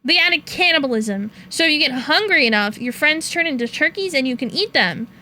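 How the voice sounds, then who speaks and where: Bright-voiced young woman streamer venting. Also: sits high, moderate pace. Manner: animated venting, swearing and laughing. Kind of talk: casual stream chat.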